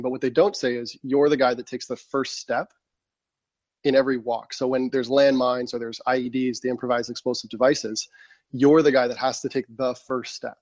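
A man who was once a soldier, telling stories from his service in a casual, animated chat, acting out his younger self. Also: mid-range voice, no echo. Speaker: guest. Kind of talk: casual storytelling.

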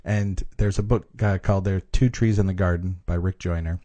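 A man's voice: deep voice, steady tone, a little fast, warm tone. A man in a casual podcast chat, earnestly explaining scripture with frequent restarts.

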